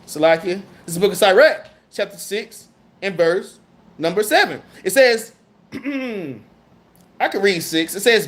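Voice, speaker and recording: A man with a Southern US accent teaching a scripture class in a casual, slangy way, reading verses slowly and then explaining them. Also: sits high, expressive, a bit bright.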